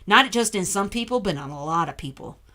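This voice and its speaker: A woman's voice: medium pitch, lively intonation, a little fast, pushed and bright. A woman hosting a casual livestream from home into a desk microphone, candid and chatty, often breaking off to talk to her dog. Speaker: livestream host. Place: at home indoors.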